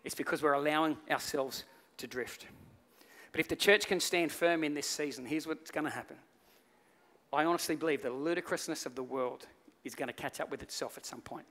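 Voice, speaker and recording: A male pastor preaching a sermon, telling stories with lively acted-out voices. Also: on the high side, fairly quick. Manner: animated storytelling, acts out voices in the story. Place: church hall. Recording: reverberant church hall.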